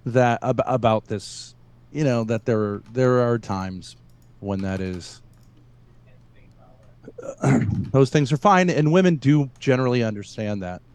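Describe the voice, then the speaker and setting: A man on a stream panel, making halting, provocative points with many restarts. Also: medium pitch, darkish tone, clean tone, no room sound. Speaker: panel guest. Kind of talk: live debate on a stream.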